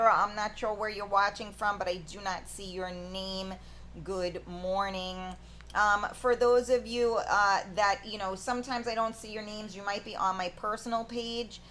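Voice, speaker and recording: Loud joking woman hosting her live stream, swears a lot, bit of hiss behind. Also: mid-range voice. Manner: brash, playful, swears casually. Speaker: talk show host. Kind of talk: casual live-stream chat.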